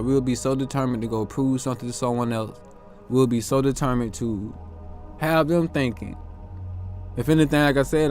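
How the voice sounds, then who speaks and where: A man hosting a reflective motivational monologue, earnest and self-questioning, drawing out his words as he muses. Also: medium pitch. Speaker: host.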